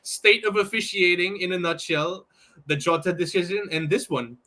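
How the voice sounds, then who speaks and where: A man on a casual fan podcast panel, talking haltingly and laughing between words. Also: high-pitched, bright, forceful tone.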